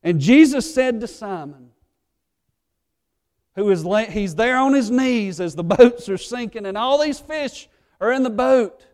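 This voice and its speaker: A male pastor preaching a sermon. He swings from fervent, loud pleading to quiet, earnest low tones. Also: lively intonation, unhurried. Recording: echoey hall reverb.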